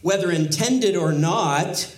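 A man gives a sermon in a plain, conversational teaching voice that sits a little higher than most men's. He drops in wry asides and lifts his voice to stress a point. The sound carries a noticeable room echo. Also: slow pace. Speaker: pastor. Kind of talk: expository sermon.

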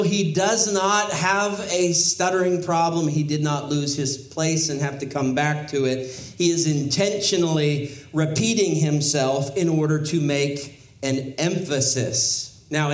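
A man gives a sermon in a plain, conversational teaching voice that sits a little higher than most men's. He drops in wry asides and lifts his voice to stress a point. The sound carries a noticeable room echo. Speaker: pastor. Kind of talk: expository sermon.

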